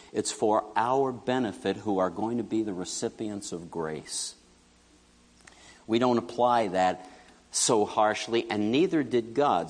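In a sermon with a long reverb tail trailing his words, a middle-aged pastor chats his way through stories, animatedly performing the quoted lines. His voice sits at a medium pitch.

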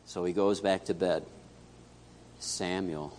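A man preaching a sermon as pastor, telling a story and acting out its dialogue, swinging between loud and hushed. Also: sits low, animated, moderate pace, pauses often. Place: church sanctuary. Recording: echoey church hall.

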